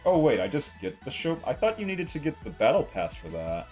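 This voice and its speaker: A man's voice: a little high, huge pitch swings, brisk, darkish tone, soft background music. A man giving casual live gameplay commentary as a streamer, playful and self-mocking as he chats. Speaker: game streamer.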